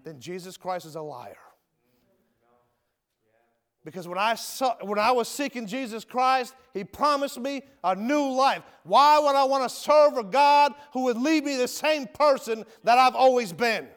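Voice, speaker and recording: Man preaching in church, high voice, loud then real quiet, calls everyone brother, big echo. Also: expressive, measured pace, clear, resonant tone. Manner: swings from loud emphatic shouts to low near-whispers; folksy, calls listeners brother and my friend. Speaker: preacher, ex-convict prison minister. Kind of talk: sermon with testimony. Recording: long hall reverb.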